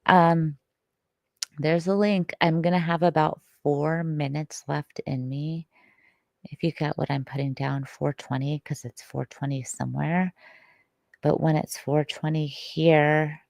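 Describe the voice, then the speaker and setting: Low, gravelly woman rambling to her chat. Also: a little mellow, no echo. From Detroit. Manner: rambling, swearing, drifting in and out of whispers. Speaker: livestreamer. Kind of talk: casual livestream chat to viewers.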